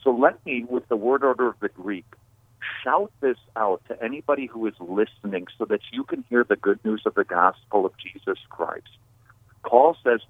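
A man's voice: mid-range voice, moderate pace, no echo. Man preaching emphatically over a phone line. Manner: emphatic, animated, builds to preacher's proclamations. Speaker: call-in guest.

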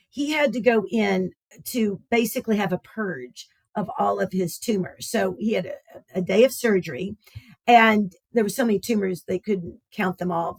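A woman's voice: medium pitch, dry recording. A woman telling a heartfelt personal story as a radio guest, speaking tenderly and repeating phrases for emphasis.

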